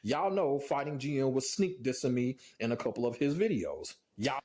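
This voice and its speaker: Guy ranting about fighting games, swears a ton, keeps groaning in disbelief, mid-pitched voice. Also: lively intonation, normal speed, darkish tone. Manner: profane and exasperated, repeats "oh my God, man". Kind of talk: ranting online commentary.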